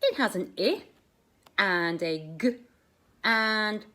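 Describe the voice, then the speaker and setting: A woman teaching a phonics lesson to young children, sounding out letters slowly in a sing-song, exaggerated way. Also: medium pitch, animated, sharp tone.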